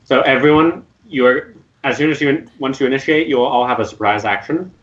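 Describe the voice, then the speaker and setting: A man narrating as game master of a tabletop game in a relaxed, loose way. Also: medium pitch, a little fast, muffled recording.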